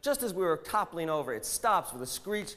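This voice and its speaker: A man telling a joke and voicing an excitable man who gushes about his heroic pig. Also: on the low side, quick pace, long reverb tail, natural voice. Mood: gushing. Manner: breathless, boastful storytelling.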